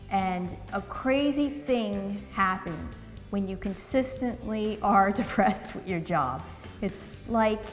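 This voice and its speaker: A woman's voice: medium pitch, in a large hall. A woman from New Jersey, chatty and upbeat, talking through a recipe in a casual cooking vlog. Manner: chatty and upbeat, laughs easily.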